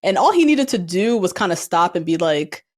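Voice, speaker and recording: Chatty lady podcast host, kinda low voice, laughs a lot, does little voices for quotes. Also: normal speed. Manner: animated, laughs often, acts out quotes. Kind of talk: casual recap chat.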